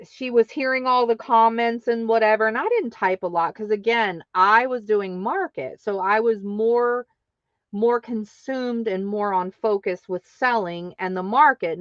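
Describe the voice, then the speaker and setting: A woman's voice: mid-range voice, animated, measured pace, no room sound, highs cut off. A woman hosting her craft channel, telling a story casually and acting out other people's lines in exaggerated voices.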